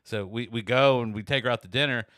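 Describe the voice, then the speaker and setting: A middle-aged man tells a rambling story on a podcast, throwing his voice up high whenever he quotes someone. His tone is bright and forceful. The sound is dry and close. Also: quick pace, no echo. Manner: animated, acts out quoted people with rising pitch. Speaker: podcast host. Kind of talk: casual storytelling chat.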